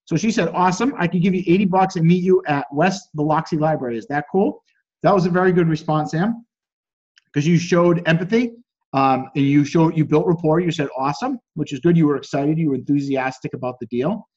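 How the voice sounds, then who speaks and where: A man's voice: brisk, breathy edge, muffled recording. A man coaching on a group call, reading out chat messages, critiquing them, and acting out quoted lines. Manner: acts out quoted dialogue with lively pitch jumps. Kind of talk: casual teaching on a group call.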